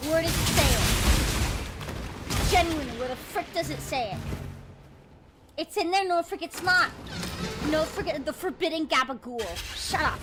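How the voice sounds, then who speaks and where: High-voiced excitable woman streaming over loud music. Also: moderate pace. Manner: excitable, rambling, swears and restarts often. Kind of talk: casual live-stream chat.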